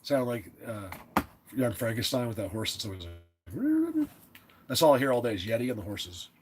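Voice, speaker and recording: A man hosting a live stream, chatting casually and rambling, often clearing his throat and restarting his sentences. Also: medium pitch, quick pace, a little hiss or hum.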